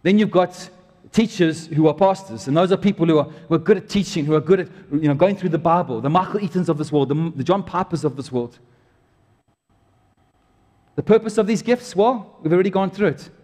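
A man preaching a sermon to his church in a chatty, joking way with animated bursts. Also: fairly high pitch, a little fast. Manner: conversational, jokey preaching with animated outbursts. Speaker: pastor. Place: church auditorium. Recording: long hall reverb.

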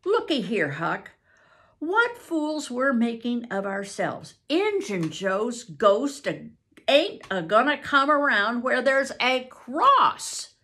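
An older woman voicing an eager, bossy boy adventurer in a storybook reading, talking in a lively, confident way. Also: a little high, slow, pitched above the performer's own voice, heavily acted. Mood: reassuring.

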